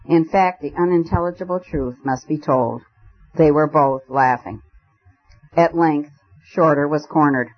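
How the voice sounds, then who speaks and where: A man reading a story aloud in a measured, expressive narration. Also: on the high side. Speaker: audiobook narrator. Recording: dull lo-fi recording.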